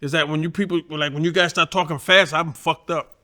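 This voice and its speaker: A man with a New York accent, a boxing trainer and guest telling profane, animated stories in casual talk. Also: a little high, brisk. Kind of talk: casual storytelling.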